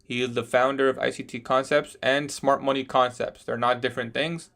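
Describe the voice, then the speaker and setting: A young man livestreams his day trading, casually reading out viewer questions, saying "bro" often and laughing at odd ones. He speaks fairly quickly in a steady, medium-pitched, slightly bright voice with vocal fry.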